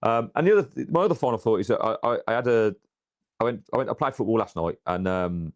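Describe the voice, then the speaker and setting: A man's voice: on the low side, expressive, fast talker, dry recording. A man from England, chatting casually about his football club in a rambling way full of restarts and fillers. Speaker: podcast co-host. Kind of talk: casual football fan chat.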